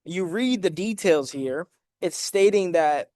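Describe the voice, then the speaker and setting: A man's voice: high voice, expressive, takes it slowly, darkish tone, dry recording, clean studio sound. A man giving a casual, emphatic lesson on debt collection letters, walking through documents and checking in with viewers. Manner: direct, emphatic, addresses viewers as guys with frequent "right?". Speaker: credit and debt educator. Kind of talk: casual explanatory talk over documents.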